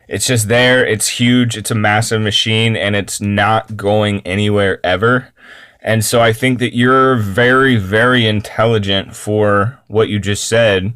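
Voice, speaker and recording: A man with a somewhat low voice hosts a podcast in a relaxed, chatty way. He heaps on praise in long, rambling sentences, full of restarts and soft fillers. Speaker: podcast host. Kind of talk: casual interview chat.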